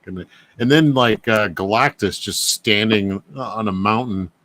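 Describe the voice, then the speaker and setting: A man's voice: on the low side, a little slow, a bit bright, dry recording. A man co-hosting a casual comic book chat, laid-back and fond of saying "man". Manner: laid-back, says "man" a lot, laughs often. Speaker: podcast co-host.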